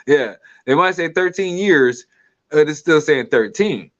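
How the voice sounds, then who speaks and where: This commentator's voice is fairly high, animated and fairly bright, yet he takes it slowly. He rambles casually through a digressive video commentary with occasional laughs, over dull lo-fi audio.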